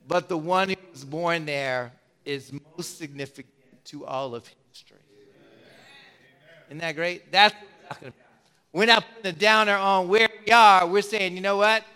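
A man's voice: sits high, steady tone, moderate pace, bright, forceful tone, clean tone. A man preaching a sermon as pastor, emphatic and given to repeating words as he builds his points. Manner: emphatic, repeats words, acts out quoted voices.

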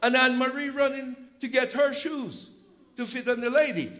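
High-voiced impassioned male preacher. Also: steady tone, normal speed, poor audio. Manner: impassioned, rising to shouts. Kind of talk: sermon with storytelling. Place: church.

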